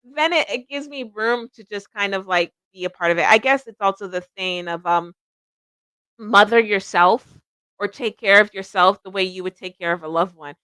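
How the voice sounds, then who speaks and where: A woman's voice: medium pitch, normal speed, bright, forceful tone, smooth, dry recording. A middle-aged woman hosting a psychic livestream, chatting casually and rambling, laughing at herself often.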